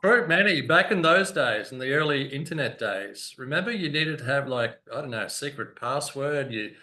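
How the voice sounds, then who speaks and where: Bright-voiced male interviewer. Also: medium pitch, lively intonation, moderate pace. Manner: chatty, agreeable, prompting questions. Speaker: host. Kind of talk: casual interview.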